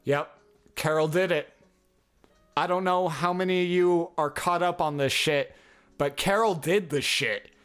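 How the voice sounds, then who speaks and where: A man's voice: a little high, a little slow, fairly bright tone, clear, resonant tone, faint music behind. A man hosting a podcast alone, rambling casually with heavy swearing and frequent chuckles. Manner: rambling, heavily profane, chuckles often. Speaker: podcast host. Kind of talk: casual solo podcast monologue.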